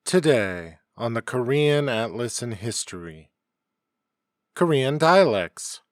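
A man hosting a homemade educational podcast, reading a scripted narration at a measured pace. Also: medium pitch, sing-song, no room sound, studio quality. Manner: measured, explanatory delivery. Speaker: podcast host. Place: home setup, dry sound.

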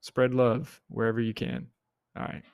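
A man's voice: completely flat delivery, moderate pace, clean tone, dry recording, muffled recording. A young man hosting a solo podcast in a rambling, casual way, with offhand swearing. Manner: rambling, swears casually, mimics people in high voices. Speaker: podcast host.

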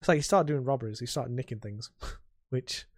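A man co-hosting a podcast in a casual, rambling chat, full of halting restarts. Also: medium pitch, no room sound, studio quality. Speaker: podcast co-host.

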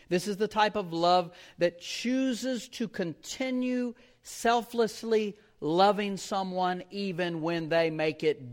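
A man preaching a sermon in a chatty storytelling way, slowing down to repeat key phrases and chuckling often. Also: high voice. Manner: conversational storytelling with fillers.

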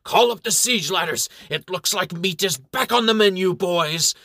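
A man's voice: on the low side, moderate pace, pushed and bright, breathy edge, dry recording, studio quality, heavily acted. A man playing a brash, boastful baron. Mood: rallying. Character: bold, brash male baron leading an army.

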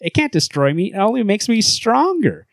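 A man's voice: high voice, very animated, normal speed, vocal fry, no echo, clean studio sound, pitched above the performer's own voice, exaggerated voice. A man voicing a boastful, invulnerable male superhero in a raised, strained put-on voice while reading comic dialogue.

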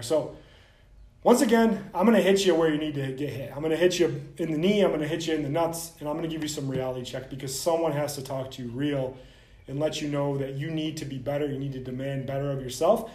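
A man hosting a vlog, ranting bluntly and profanely straight to the camera as a soft tissue clinician. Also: fairly high pitch, echoey room.

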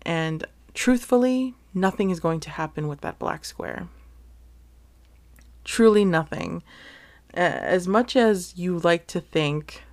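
An earnest woman hosts a casual solo podcast, unhurried and deliberate in her delivery. Her voice sits a little on the low side, and she talks with feeling, swearing casually and restarting her sentences. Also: animated, darkish tone. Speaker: podcast host.

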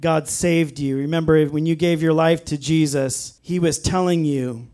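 A man preaching a sermon in a church, earnest and emphatic, slowing down to stress key phrases and reading scripture aloud. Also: a little high, fairly even intonation, darkish tone. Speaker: pastor.

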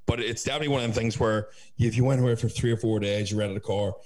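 Low-voiced rambling man. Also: fairly even intonation, very fast, a little mellow. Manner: rambling, filler-heavy, swearing. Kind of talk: casual chat.

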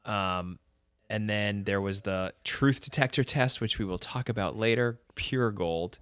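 A man's voice: on the low side, unhurried, a bit bright, smooth, dry recording. A man co-hosting a podcast, recapping events in casual chat and laughing easily. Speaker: podcast co-host.

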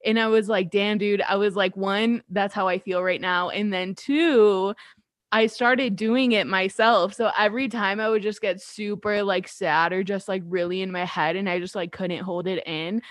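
A woman's voice: mid-range voice, steady tone, moderate pace, no echo, studio quality. A young woman hosting a podcast, chatting casually, saying "like" a lot and laughing often. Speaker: podcast host. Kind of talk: casual chat.

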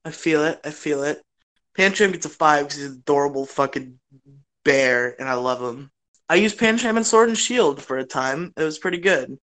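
Brief: excitable podcast co-host, gushes and giggles, mid-pitched voice. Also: moderate pace. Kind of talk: casual chat.

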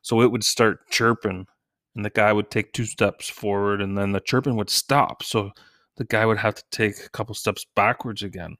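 A man's voice: steady tone, normal speed, no echo, studio quality. A middle-aged man from Canada telling crude comic stories in a casual way, with his children and everyday mishaps as material. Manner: crude, joking, acts out quoted lines in a high shouting voice. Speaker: stand-up comedian. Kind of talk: casual comedic storytelling.

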